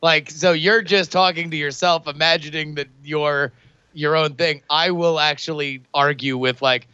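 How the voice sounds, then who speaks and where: Bright, joking man. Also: on the high side, steady tone, smooth, no room sound, lo-fi sound. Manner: joking, quick quips. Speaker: podcast co-host. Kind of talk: casual chat.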